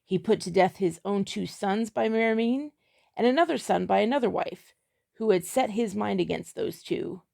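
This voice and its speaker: A woman's voice: mid-range voice, normal speed, gravelly, darkish tone. A woman reading the part of a scowling male servant who speaks curtly, in a harsh, snarling way. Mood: bitter, curt.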